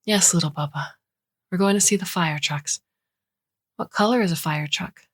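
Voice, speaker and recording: A woman doing a weary, deadpan young mother. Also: lowish voice, normal speed, no room sound, clean studio sound, lightly acted. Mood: flat. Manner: mild, deadpan replies.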